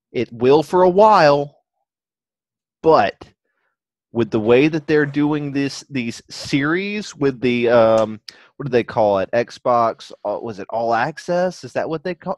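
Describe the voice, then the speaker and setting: A man's voice: medium pitch, no echo. A man co-hosting a podcast in casual chat, rambling and often restarting his thoughts. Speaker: podcast co-host.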